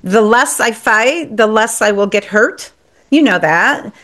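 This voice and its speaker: A woman with a somewhat high voice talks as a podcast guest. She is earnest and reflective, and leans on repeated phrases to drive her points home. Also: lively intonation, measured pace, a bit bright. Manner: earnest, reflective, emphatic repetition. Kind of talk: candid interview conversation.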